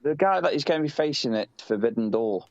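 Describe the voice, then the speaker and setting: A man's voice: medium pitch, expressive, fast, darkish tone, no room sound, highs cut off. A British man chatting casually as a podcast co-host, rambling and swearing, often laughing. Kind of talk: casual chat.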